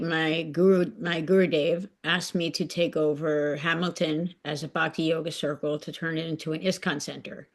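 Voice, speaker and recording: A woman on a podcast sharing a personal devotional story, talking emotionally and rambling with many fillers. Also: low-pitched. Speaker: podcast guest. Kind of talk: casual heartfelt sharing.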